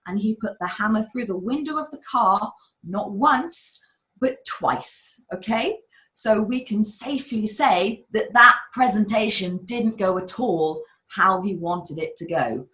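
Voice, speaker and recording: A woman with a neutral British accent, a public speaking coach giving energetic, emphatic advice on a webinar video call. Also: mid-range voice, poor audio. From United Kingdom. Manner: emphatic, energetic storyteller, addresses the audience directly.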